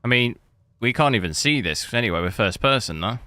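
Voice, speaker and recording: A man's voice: mid-range voice, expressive, brisk, bright, forceful tone, no room sound. A man giving chatty, rambling commentary while playing a game. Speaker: gaming streamer. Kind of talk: casual gameplay commentary.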